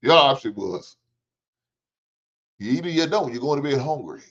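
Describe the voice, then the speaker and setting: Animated man on a lo-fi livestream. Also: medium pitch, normal speed. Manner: animated, joking, swears freely. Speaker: livestream host. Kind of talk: casual storytelling chat. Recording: dull lo-fi stream audio.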